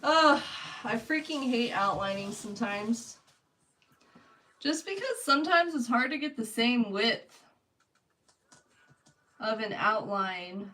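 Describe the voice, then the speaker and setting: A woman's voice: fairly high pitch, a bit bright, far from the mic, poor audio. A young woman from California with a Californian accent, chatting casually with her live audience while she paints. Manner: chatty, laughs often, talks to chat. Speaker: art streamer.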